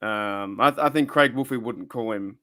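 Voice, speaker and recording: A man's voice: fairly low pitch, moderate pace, fairly bright tone. Aussie guy hosting a sports podcast, rambly, trips over his words a lot. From Australia. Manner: rambling, stumbles and repeats words. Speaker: podcast host. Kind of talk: casual sports podcast chat.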